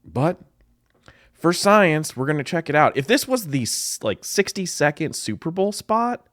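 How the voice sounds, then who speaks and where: A man in the role of a marketing professor delivers ad reaction commentary, bluntly picking apart a commercial with clear exasperation. His voice swings widely in pitch as he talks. The sound is close and dry, with almost no room echo. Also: sing-song, a little slow, a bit bright. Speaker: marketing professor reviewing ads.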